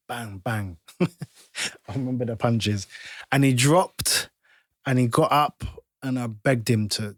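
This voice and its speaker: A man, a podcast guest telling stories from his playing days in an animated, halting way full of restarts. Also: on the low side, no room sound, studio quality. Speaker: podcast guest, former footballer. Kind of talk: casual storytelling.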